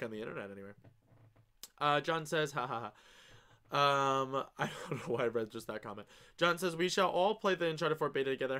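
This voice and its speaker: Reading viewer comments aloud on his live stream, a young man chats casually with eager, effusive enthusiasm and the odd curse word. His voice sits in the mid range.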